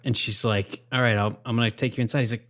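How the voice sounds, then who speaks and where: A man's voice: mid-range voice, quick pace. A man co-hosting a movie podcast, chatting casually and laughing often. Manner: animated, laughs often, does goofy character voices in quotes. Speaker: podcast co-host.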